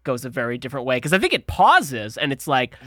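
A man co-hosting a podcast, chatting in an animated way about a movie, laughing often and acting out quotes. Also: medium pitch, fast. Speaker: podcast co-host. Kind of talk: casual movie-riffing chat.

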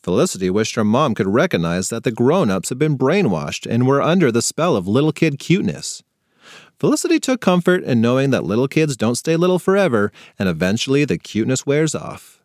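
A man narrating a funny children's story with playful, expressive storytelling on a close mic. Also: mid-range voice, a little fast, dry recording. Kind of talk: scripted narration for kids.

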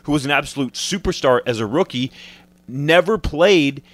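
A man's voice: on the high side, expressive, normal speed. A man co-hosting a casual sports talk show, easygoing but emphatic in his views. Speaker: sports podcast co-host.

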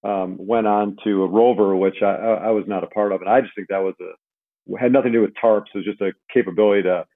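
A man speaks in a slightly low voice and answers hesitantly, often admitting he isn't sure. He comes through a narrow, tinny phone line. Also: fairly even intonation, fast talker. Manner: hesitant, unsure. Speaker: guest. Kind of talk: casual recollection.

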